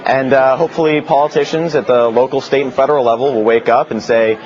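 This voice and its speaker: A man giving a TV news interview as a protest organizer, earnest and halting, with many fillers. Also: medium pitch, fairly even intonation, darkish tone, dull audio, soft background music.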